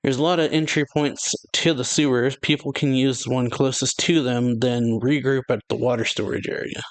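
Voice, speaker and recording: A man's voice: medium pitch, fairly even intonation, moderate pace, natural voice. A man reading aloud the lines of a practical man organizing an escape, in his own everyday voice. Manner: reads the lines plainly, in his normal tone.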